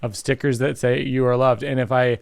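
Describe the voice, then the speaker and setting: A man hosting a podcast interview, playful and quick to react and laugh along. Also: mid-range voice, fairly even intonation, vocal fry, darkish tone. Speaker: podcast host. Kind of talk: casual interview chat.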